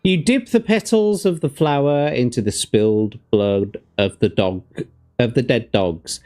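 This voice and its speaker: A man's voice: medium pitch, a little slow, a little mellow. A man as game master reading a gamebook aloud, narrating with stumbles and self-corrections.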